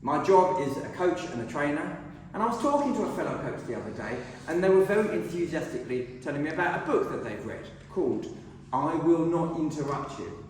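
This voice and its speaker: A middle-aged man delivers a funny, self-deprecating speech at a speaking club, telling it with animation. His voice is fairly high and a bit fast, with slight hiss or hum, captured from afar in an echoey hall.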